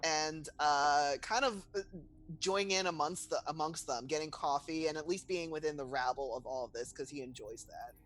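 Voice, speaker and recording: A man's voice: a little high, moderate pace, fairly bright tone, slight background noise, poor audio. Man describing his tabletop character. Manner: rambling, laughs while talking. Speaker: player. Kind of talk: tabletop game play.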